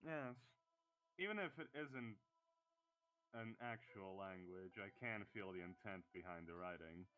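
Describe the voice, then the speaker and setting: A man's voice: low-pitched, measured pace, dull audio. A man playing a gifted young noblewoman with magic eyes in a tabletop game, speaking in dry, matter-of-fact quips. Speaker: player. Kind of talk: in-character tabletop role-play. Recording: faint music behind.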